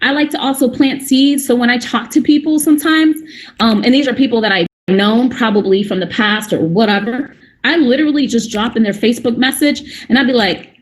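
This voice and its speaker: A woman's voice: on the high side, fairly quick. A young adult woman speaking at a real estate breakout session, chatty and full of restarts, acting out little conversations as she goes. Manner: chatty, fillers and restarts, acts out dialogue. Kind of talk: animated conference talk.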